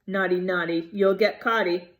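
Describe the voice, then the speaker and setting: A woman's voice: on the low side, steady tone, moderate pace, a bit bright, lightly acted. A woman voicing a mischievous male poltergeist in a singsong, taunting voice, reading a storybook aloud.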